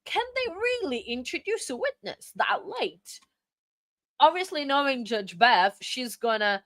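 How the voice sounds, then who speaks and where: A woman's voice: high-pitched, big pitch swings, measured pace, a bit bright, no room sound. A woman hosting a live stream in casual chat, flustered and apologetic as she reads and answers viewer chat. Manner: flustered and apologetic, many fillers.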